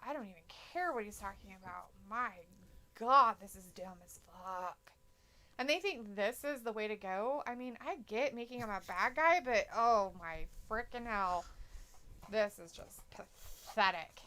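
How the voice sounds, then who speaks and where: A woman's voice: medium pitch, a little slow, sharp tone. A woman co-hosting a casual wrestling live stream, reading viewer comments aloud and reacting bluntly with plenty of swearing. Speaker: co-host reading chat.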